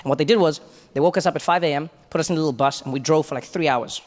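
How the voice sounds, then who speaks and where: A man's voice: on the high side, rapid-fire, long reverb tail. A man in his thirties with a South African accent, performing a stand-up set with conversational storytelling and asides. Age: 30s. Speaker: stand-up comedian.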